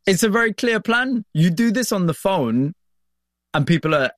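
A man's voice: high voice, sing-song, normal speed, fairly bright tone, dry recording. Curious male interviewer, dry studio sound. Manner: engaged, curious questioner. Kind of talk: conversational interview.

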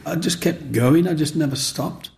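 Gravelly older man. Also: fairly high pitch, normal speed. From Black Country, England. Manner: lively, acts out voices in his stories. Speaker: interviewee. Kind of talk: animated personal storytelling.

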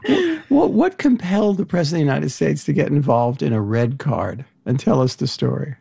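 A man hosting a casual conversation, asking halting, wry questions with frequent restarts. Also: a little high, sing-song, creaky, mellow, slightly rough, dry recording, studio quality. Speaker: podcast host.

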